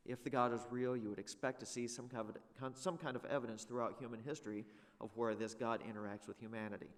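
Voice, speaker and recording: A man's voice: medium pitch, in a large hall. A man teaching a Sunday school lesson in a church, conversational and full of rhetorical questions.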